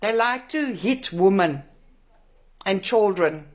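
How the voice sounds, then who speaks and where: A furious woman delivers a raw rant straight to camera. She swears freely and hammers her points through repetition, her voice sitting at an ordinary middle pitch for a woman. She sounds emotionally shaken and wound up throughout. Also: animated, slow. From South Africa. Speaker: protest organiser. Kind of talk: angry direct-to-camera rant.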